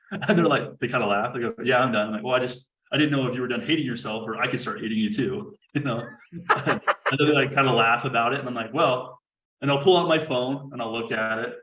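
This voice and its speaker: A man's voice: lowish voice, a bit bright, roomy sound, rough recording. A man telling stories in casual conversation, often laughing while acting out his own quotes.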